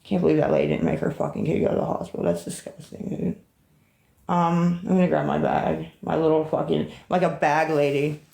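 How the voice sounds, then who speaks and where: A woman's voice: low-pitched, lively intonation, fairly quick, creaky, mellow, low-quality recording. A woman livestreaming on her phone, ranting in an agitated, profane way and rambling between topics. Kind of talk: rambling live-stream talk.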